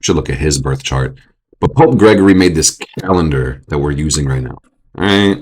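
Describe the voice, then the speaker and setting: A young adult man hosting a casual astrology stream, profane and animated, often jumping into mocking voices. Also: very deep voice, normal speed, a little hiss or hum. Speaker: astrology show host. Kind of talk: casual astrology livestream talk.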